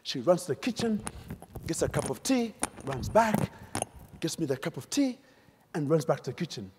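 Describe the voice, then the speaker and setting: A middle-aged man from Uganda, giving an animated, storytelling keynote speech on a stage mic in a large conference hall and quizzing the audience. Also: on the high side, brisk, slight background noise. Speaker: keynote speaker. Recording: echoey hall.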